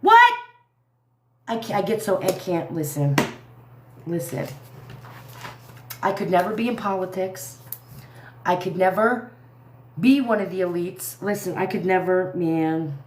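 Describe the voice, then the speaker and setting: A woman's voice: on the low side, lively intonation, a little slow, long pauses, slight background noise. A woman giving a heated, profane commentary rant on a livestream, repeating herself as she vents. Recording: echoey room.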